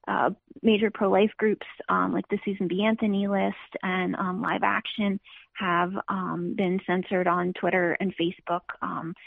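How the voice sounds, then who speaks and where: A woman being interviewed, with a gravelly edge to her voice and a halting way of speaking. She sounds tinny and narrow, as if over a phone line, and the sound is dry. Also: medium pitch, dry recording. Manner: hesitant, many ums and restarts. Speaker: interview guest.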